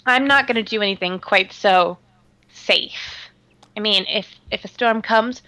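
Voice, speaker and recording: A woman from Canada, a podcast co-host calling in over the line, chatting casually and telling stories with lively acted-out voices. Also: medium pitch, measured pace, no echo. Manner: animated storyteller acting out other people's voices. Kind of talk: casual chat. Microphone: phone line.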